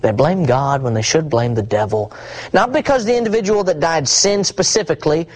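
A man preaching a sermon, swinging between hushed asides and rising, emphatic repetition. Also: a little high, animated, brisk, poor audio.

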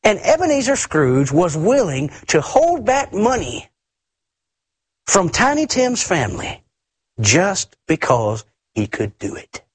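A man preaching a sermon emphatically, often repeating words and swinging his pitch up and down. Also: huge pitch swings, slow, husky, no room sound.

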